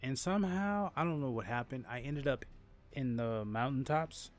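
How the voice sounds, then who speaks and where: A man's voice: medium pitch, moderate pace. Rambling man. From New Orleans, Louisiana. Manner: rambling, repeats and restarts words; animated storytelling with laughs. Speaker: game streamer. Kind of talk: casual livestream chat.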